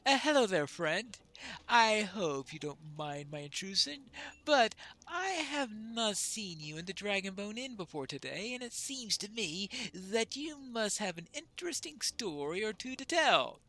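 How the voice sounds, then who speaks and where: Player doing a polite chatty dwarf, formal, lively pitch. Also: measured pace, full character voice. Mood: courteous. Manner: polite, wordy, formal reading. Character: courteous talkative male dwarf traveler.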